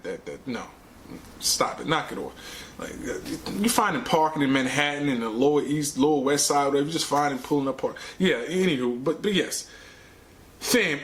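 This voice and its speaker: A man's voice: fairly high pitch, a bit bright, slight background noise. A man hosting his own show, ranting casually about bad movies in slangy, emphatic talk that repeats words for effect. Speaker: movie reviewer, show host.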